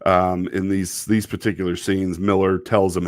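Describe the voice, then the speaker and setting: A man's voice: deep voice, flat delivery, moderate pace, no room sound, clean studio sound. A man casually reviewing a TV episode on a live stream, rambling, often breaking into laughter and apologizing. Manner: quotes characters in mock voices.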